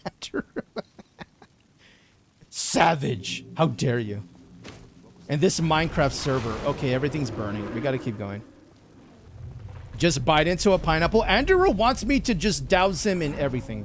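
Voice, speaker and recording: Animated young man on a game stream. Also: on the high side, a little slow, pauses often, a little hiss or hum. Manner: casual, slangy, swears, chats with viewers. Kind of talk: live gameplay commentary.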